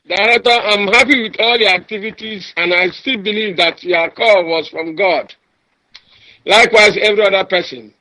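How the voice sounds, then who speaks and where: A man's voice: high-pitched, normal speed, pushed and bright, no room sound, poor audio. Older man making firm, rousing declarations. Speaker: caller. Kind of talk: internet call to a radio show.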